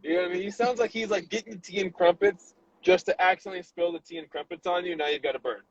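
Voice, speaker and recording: A man's voice: sits high, fairly even intonation, quick pace. A man co-hosting a podcast in casual chat, jokey and playful. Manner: jokey, playful, reads a sponsor spot. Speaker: podcast co-host. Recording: dull lo-fi sound.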